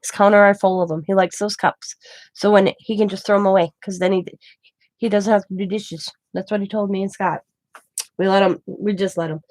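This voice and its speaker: A woman's voice: mid-range voice, steady tone, brisk, a little mellow, no room sound. Chatty Midwestern woman, dry close sound. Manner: rambling storytelling with quoted dialogue. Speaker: craft channel host. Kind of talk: casual chat to camera.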